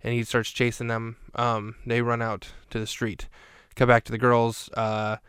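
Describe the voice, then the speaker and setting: A man's voice: mid-range voice, monotone, unhurried, fairly bright tone, clear, resonant tone, no echo. A man hosting a podcast, casually recapping a film scene by scene in a chatty, rambling way with dry jokes.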